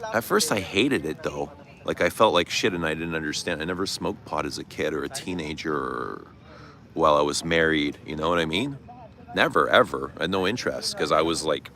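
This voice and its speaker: A man's voice: sits low, fairly bright tone. A middle-aged man chatting candidly on a livestream, reading viewer comments and answering with frank, casual talk and some swearing. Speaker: livestream host. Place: outdoors. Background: traffic noise.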